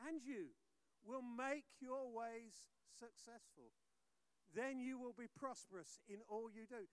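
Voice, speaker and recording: A male pastor preaching a sermon, telling stories with lively swings from loud urging to hushed lines. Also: extremely high pitch, measured pace, clear, resonant tone, dry recording. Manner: animated storytelling, swinging from loud exhortation to hushed.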